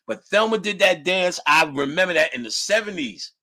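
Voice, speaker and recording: Animated middle-aged man telling stories. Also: sits high, moderate pace. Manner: animated, profane, slangy, laughs often. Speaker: guest storyteller. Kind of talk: casual storytelling.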